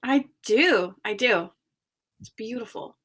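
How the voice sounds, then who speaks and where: Giggly woman guest on a podcast, bright voice, pokes fun at herself. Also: a little high, slow pace, slightly rough. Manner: giggly, self-deprecating. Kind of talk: casual podcast chat.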